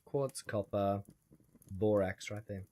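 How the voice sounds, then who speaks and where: A man's voice: lowish voice, slow pace, darkish tone, slight background noise. A man streaming a survival game, rambling in a wry way and chatting with his viewers. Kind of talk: casual gameplay commentary.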